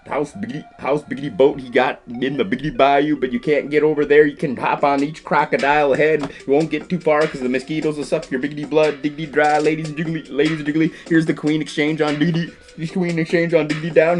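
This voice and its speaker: A man's voice: fairly high pitch, fairly even intonation, fast talker. A man giving playful chess commentary, goofy and full of rhyming nonsense words. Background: clear background music.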